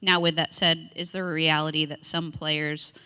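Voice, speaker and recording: A woman speaking as a Division One college coach on a panel, measured and frank. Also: sits low, little pitch movement, sharp tone, clean tone, long reverb tail. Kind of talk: panel discussion.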